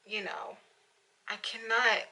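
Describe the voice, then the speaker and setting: A young beauty vlogger speaks candidly to a camera in front of her at home, her slightly high voice flat and slow over heavy background noise. It's a casual confessional vlog; she's emotional, fighting back tears, and says "you know" a lot.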